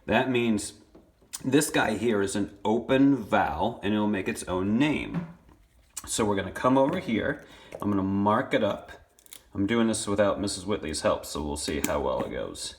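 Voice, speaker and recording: A man's voice: lowish voice, expressive, moderate pace, a little hiss or hum. A young male elementary school teacher giving a phonics lesson, patiently sounding out and repeating words, recorded on a phone in his hand. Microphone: phone held in hand.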